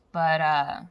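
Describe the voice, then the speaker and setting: A woman's voice: deep voice, clean tone, no echo, lo-fi sound. A young woman vlogging in a frank, profane, rambling way about her personal life. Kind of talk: candid personal vlog rant.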